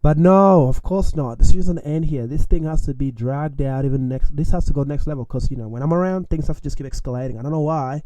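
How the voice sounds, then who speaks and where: A young man telling a story from his own life in a casual, animated way, with slang and frequent chuckles. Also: fairly high pitch, quick pace, hardly any pauses, a little hiss or hum.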